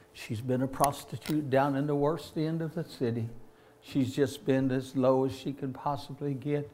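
A man preaching a sermon with passion, swelling to loud, drawn-out peaks and calling listeners "my friend". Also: on the high side.

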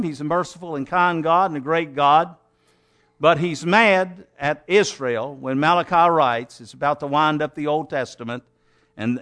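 A man's voice: a little high, a bit bright. Man, pastor, raised voice, plainspoken sermon delivery with dramatic scripture reading. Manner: folksy preacher, reads scripture with emphatic swings.

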